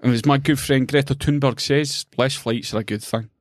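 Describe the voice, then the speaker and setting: A man's voice: mid-range voice, normal speed, no echo, clean studio sound. Sweary ranting Scottish man. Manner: ranting, sweary, animated storytelling. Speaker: podcast co-host. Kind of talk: casual chat.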